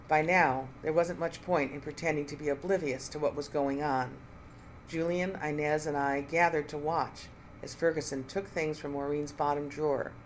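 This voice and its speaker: An audiobook narrator reading a first-person mystery, voice sitting in the middle of the range. The telling is even and clear, with a faint hiss underneath. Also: mid-range voice, low-quality recording.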